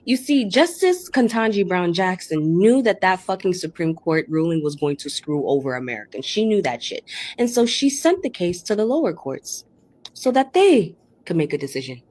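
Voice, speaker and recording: A woman delivers political commentary with emphatic, storytelling drive. Her pitch swings widely and stays lively. The recording is dry and close. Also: no echo.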